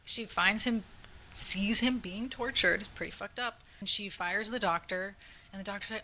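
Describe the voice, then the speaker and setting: Bright-voiced young woman podcast co-host. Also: mid-range voice, steady tone, moderate pace. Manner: chatty storytelling, lots of "like". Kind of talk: casual chat. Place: home room.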